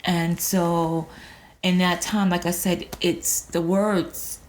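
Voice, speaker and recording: A middle-aged woman guest on a podcast who talks slowly, pausing to find her words. She speaks with quiet feeling and reflection. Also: fairly low pitch, flat delivery, slight background noise. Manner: slow, thoughtful, emotional, faith-minded. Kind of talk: candid podcast interview.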